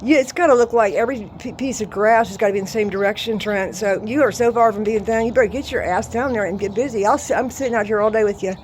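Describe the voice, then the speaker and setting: A woman's voice: mid-range voice, quick pace, hardly any pauses, a little mellow, a little hiss or hum. Boisterous, salty woman in her sixties. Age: 60s. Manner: laughing, salty, boisterous storyteller. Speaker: vlogger. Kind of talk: casual storytelling. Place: outdoors at her home yard.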